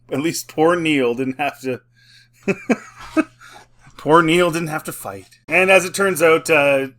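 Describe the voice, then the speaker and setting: A man with a bright, forward voice talks through a review in a loose, rambling way. He leans on filler words, chuckles often and slips into dry sarcasm. His pitch stays at an ordinary middle level. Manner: mocking, sarcastic. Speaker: film and TV reviewer. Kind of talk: casual spoken review.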